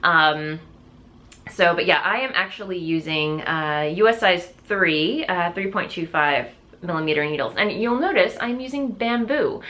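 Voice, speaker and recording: A woman hosts a knitting vlog and chats to her viewers in a loose, rambling flow full of fillers and restarts. Her voice sits a little low for a woman but has a bright, forceful edge. She sounds eager and keeps doubling back mid-sentence. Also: a little slow. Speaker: knitting video podcast host. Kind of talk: casual chat to viewers.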